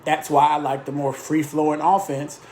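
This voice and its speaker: A man's voice: a little high, completely flat delivery, moderate pace, darkish tone, a little hiss or hum. A man talking as a basketball coach, emphatic and fond of repeating short punchy lists of instructions. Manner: emphatic, repetitive drill-style lists; speaks in short punchy phrases. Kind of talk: casual coaching talk.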